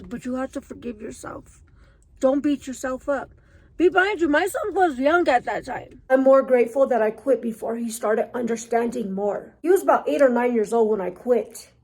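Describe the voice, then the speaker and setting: A woman's voice: high-pitched, darkish tone, no room sound, poor audio. A woman in her thirties telling viewers her own story in an earnest, emotional way. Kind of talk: personal storytelling to camera.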